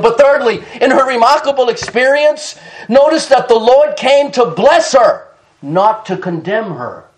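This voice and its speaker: A male pastor preaching an animated sermon, chuckling often and calling out to the congregation. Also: on the high side. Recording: roomy church echo.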